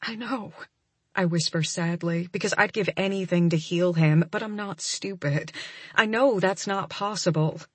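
A young adult woman narrating a first-person romance audiobook, soft and emotional, often close to a whisper. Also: fairly low pitch, fairly even intonation, normal speed, breathy edge, no echo.

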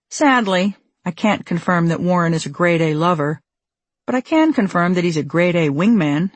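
Narrating her memoir for an audiobook, a woman speaks in a low-leaning, husky voice with a wry, measured delivery. The recording is close-miked and dry.

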